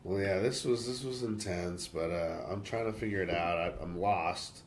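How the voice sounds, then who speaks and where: A man's voice: deep voice, moderate pace, a little hiss or hum. An American man hosting a podcast, telling a travel story in casual chat and swearing freely. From United States. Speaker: podcast host.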